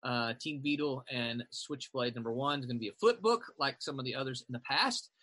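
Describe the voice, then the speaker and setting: A man hosting a casual online group chat, talking in a relaxed, rambling way with many fillers, over a computer mic on a video call. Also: medium pitch, a little fast, no echo. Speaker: show host.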